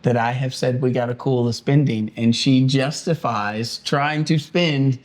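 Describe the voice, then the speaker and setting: A man's voice: mid-range voice, steady tone, measured pace. A man, a pastor, co-hosting a casual podcast chat with a joking, playfully defensive manner.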